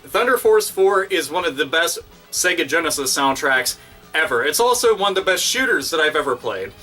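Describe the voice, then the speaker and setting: A man hosting his own video, ranting casually and excitedly with constant swearing and crude exaggeration. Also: fairly high pitch, moderate pace, far from the mic, soft background music. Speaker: video host. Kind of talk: casual profane rant.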